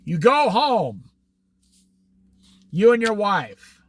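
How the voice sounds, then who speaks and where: A man leads a casual Bible study in an animated, folksy way, laughing at his own anecdotes. His voice is high and bright with a lively swing, and he talks slowly in a dry, close sound.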